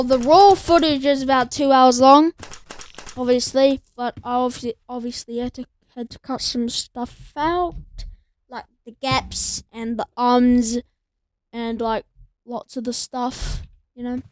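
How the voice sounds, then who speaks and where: A woman's voice: a little high, steady tone, a little slow. A woman giving casual let's-play commentary, chatting to the game's monsters and counting doors aloud. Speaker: gameplay streamer.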